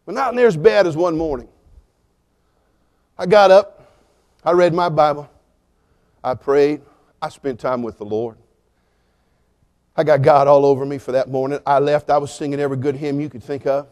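A male preacher with a high-pitched voice tells a story from the pulpit. He moves from hushed, slow asides to loud, shouted moments. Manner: animated storyteller, swings from quiet to shouting. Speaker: pastor. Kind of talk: storytelling sermon.

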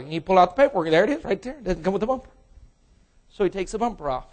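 A man preaching a sermon to young people, telling a story and acting out its characters in sudden loud bursts, then dropping low and quiet. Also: expressive, very fast.

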